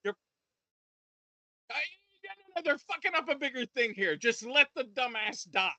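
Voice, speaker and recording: A man's voice: very high voice, lively intonation, normal speed, bright, forceful tone, no echo. A man co-hosting a review podcast, ranting in casual chat with lots of profanity and stop-start restarts. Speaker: podcast co-host reviewing shows.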